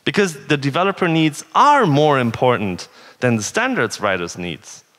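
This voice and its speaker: Male tech speaker from northern Germany, mid-pitched, earnest, long hall reverb. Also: big pitch swings, normal speed, fairly bright tone. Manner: conversational, earnest, rhetorical questions. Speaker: conference speaker. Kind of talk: tech conference talk. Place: conference hall.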